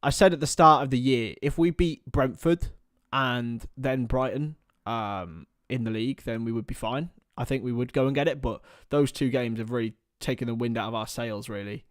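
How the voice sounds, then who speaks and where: A young man giving partisan live commentary on a football match for a fan watchalong, chatting casually between the action and getting loud at chances. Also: mid-range voice, moderate pace, few pauses, no echo, clean studio sound. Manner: partisan, rises to excited shouts at chances.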